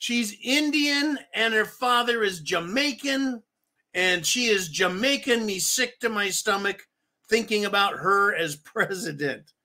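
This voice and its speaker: A man's voice: sits high, lively intonation, unhurried, bright, forceful tone. A man hosting a political commentary show, ranting in a profane, sarcastic way, repeating phrases for emphasis and calling his listeners folks. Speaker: host.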